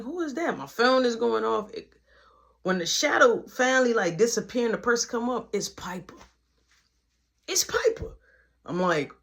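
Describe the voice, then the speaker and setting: A young man telling a casual storytime, animated and acting out every quote, sometimes dropping to a hushed voice. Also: very high-pitched. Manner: drops to a hushed voice for tender moments.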